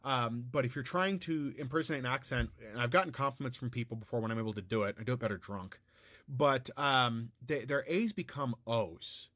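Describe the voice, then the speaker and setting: A man's voice: medium pitch, a little fast, fairly bright tone, no echo, clean studio sound. An American man giving unscripted, musing commentary, often restarting his sentences. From United States. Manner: rambling and musing, frequent restarts and fillers.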